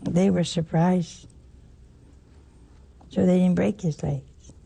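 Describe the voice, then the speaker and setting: A woman's voice: fairly low pitch, steady tone, takes it slowly, vocal fry, dark tone, slight background noise. An older woman preaching a sermon, emphatic, asking rhetorical questions and repeating her phrases.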